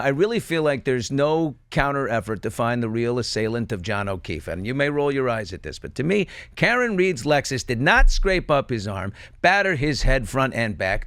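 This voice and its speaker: Lively, opinionated talk show host man. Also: mid-range voice, clean tone, no room sound, clean studio sound. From New York. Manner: animated, pointed, rhetorical questions.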